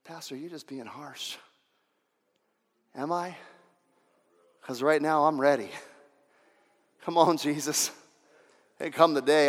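Male pastor, sermon, higher-pitched, emphatic repeater, reverberant hall. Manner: emphatic, repeats lines for effect, swings from hushed to shouting.

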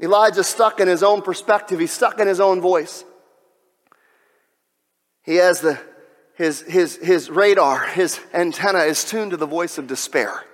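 A man delivering a sermon, swinging between loud exhortation and hushed, almost whispered passages. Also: high voice, measured pace, long pauses. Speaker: pastor. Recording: long reverb of a large hall.

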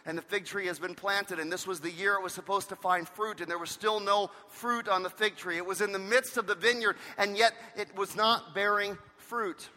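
A man's voice: high-pitched, steady tone, normal speed, few pauses, pushed and bright. A man pastor preaching a sermon emphatically, driving points home with repeated phrases. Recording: long reverb of a large hall.

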